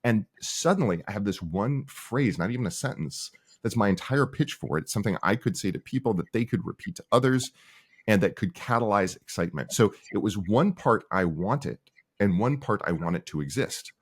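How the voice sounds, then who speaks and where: Slightly rough and lowish, his voice moves at a moderate pace. He's a middle-aged founder talking informally in an interview, an animated storyteller who acts out whoever he's quoting.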